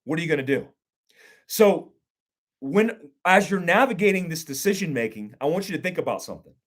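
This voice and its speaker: A middle-aged man teaching self-defense, talking bluntly and with profanity, acting out street confrontations and questioning the listener. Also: on the high side. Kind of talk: instructional talk with acted scenarios.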